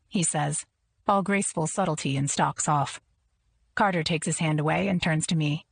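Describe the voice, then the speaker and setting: A woman narrating an audiobook in the first person, in an even, measured reading. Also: low-pitched, gravelly, husky, no echo.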